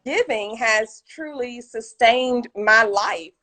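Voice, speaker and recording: A woman's voice: on the high side, takes it slowly. A woman hosting a casual live video chat, telling stories and quoting friends with feeling, talking through a phone. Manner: storytelling, quotes friends, emotional and warm. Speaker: author and live stream host. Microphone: phone on a live video call.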